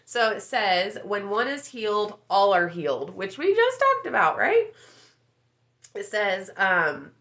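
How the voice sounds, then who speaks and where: Bright-voiced chatty woman coach. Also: medium pitch. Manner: chatty, rambling, swears casually, addresses viewers by name. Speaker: life coach hosting a live session. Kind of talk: casual live-stream chat.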